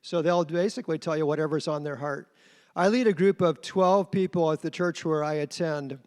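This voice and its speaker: Man, fairly high voice, earnest storyteller, giving a talk, long hall reverb. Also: normal speed, a little mellow. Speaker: church small-group leader giving a talk. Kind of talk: conference talk.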